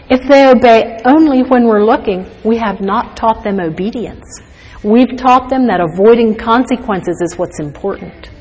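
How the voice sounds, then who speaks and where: A woman's voice: medium pitch, a little mellow, husky, in a large hall, rough recording. A woman giving a devotional teaching talk to mothers, earnest and full of rhetorical questions. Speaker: speaker to mothers.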